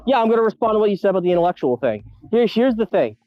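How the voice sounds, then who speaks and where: Fast, mocking young man in a voice-chat debate. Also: sits high, sing-song, no echo, phone-quality sound, soft background music. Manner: combative, mocking, repeats taunts. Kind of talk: heated online voice-chat debate.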